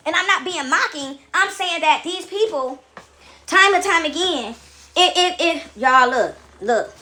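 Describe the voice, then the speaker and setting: A woman casually telling a story to her viewers, acting out quotes with animated, laughing exclamations. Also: sits high, normal speed.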